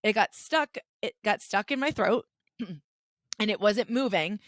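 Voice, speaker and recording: A woman co-hosting a casual podcast chat, telling a story in an animated, chatty way with lots of restarts. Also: medium pitch, slow pace, no room sound. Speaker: podcast co-host.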